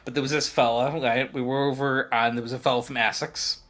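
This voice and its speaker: A man rambles through a story at a tabletop game, joking and piling on fillers. His voice sits in a middle pitch, with faint music in the background. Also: steady tone, a little fast, a bit bright. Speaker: player. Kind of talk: casual tabletop role-play chat.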